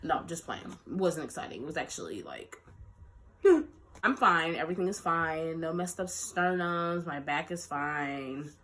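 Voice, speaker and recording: A young woman vlogger telling a story in a lively, animated way, acting out quotes and laughing often. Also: sits low, unhurried. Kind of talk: storytime vlog.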